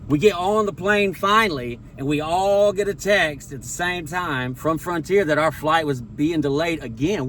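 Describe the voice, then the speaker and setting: A man doing a stand-up comedy routine, telling a profane story full of quick quoted impressions. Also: a little high, a bit bright, slight background noise.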